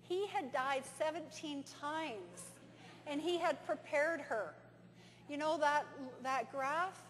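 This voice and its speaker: A woman giving a conference talk, telling stories and acting out dialogue in an animated way. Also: sits high, takes it slowly. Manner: animated storyteller, acts out dialogue. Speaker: conference presenter. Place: conference hall. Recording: reverberant hall with faint hum.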